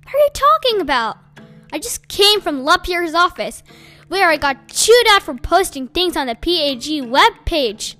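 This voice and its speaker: A woman's voice: very high-pitched, very animated, normal speed, bright, forceful tone, faint music behind, heavily acted. A woman reading an audiobook, voicing an earnest teenage boy defending himself to his friend. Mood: pleading. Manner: pleading, earnest.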